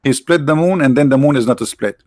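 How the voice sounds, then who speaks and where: A man's voice: medium pitch, a little fast, darkish tone, dry recording. A man hosting a livestream, giving mocking, sarcastic religious debate commentary in broken English. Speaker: livestream host.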